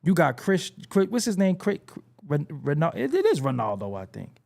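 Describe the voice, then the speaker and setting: A young man from the United States rants to his audience in a loose, profane ramble full of restarts and chuckles. His voice sits a touch high and swings widely in pitch as he gets worked up. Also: huge pitch swings, normal speed, gravelly, a little mellow. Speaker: hip-hop commentary host. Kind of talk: casual rant to camera.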